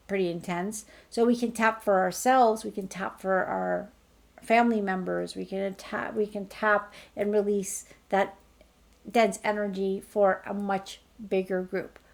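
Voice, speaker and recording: A woman leading a group healing call, talking listeners through it in a gentle, reassuring, slow guiding way. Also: mid-range voice, little pitch movement, vocal fry. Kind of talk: guided healing talk.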